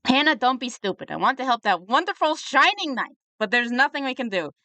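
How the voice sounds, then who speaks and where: A woman's voice: high voice, big pitch swings, fairly quick, sharp tone, dry recording, full character voice. A woman reading out a level-headed comic-book woman. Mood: exasperated.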